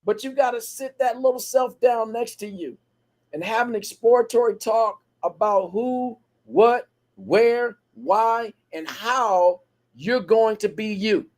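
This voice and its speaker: A man's voice: very high voice, slow, darkish tone. A man co-hosting a podcast, talking in a preachy motivational cadence built on repeated phrases. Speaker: podcast co-host.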